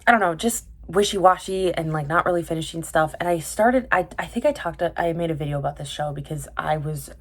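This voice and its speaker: Talking fast with barely a pause, a young woman with a low-pitched voice rambles through a casual vlog about the dramas she's seen. Her chat wanders off on tangents and is full of fillers and self-corrections.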